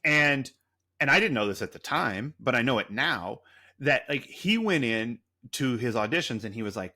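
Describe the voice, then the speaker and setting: Man, podcast co-host, casual rambling chat, profane, animated pitch. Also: moderate pace. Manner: rambling storyteller, loose and profane.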